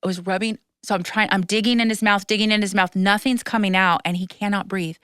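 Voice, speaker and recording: A woman hosting a podcast, telling a story to a friend in an animated rush, with frequent restarts and casual swearing. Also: medium pitch, fast, clear, resonant tone, no room sound, studio quality. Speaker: podcast host. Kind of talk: casual chat.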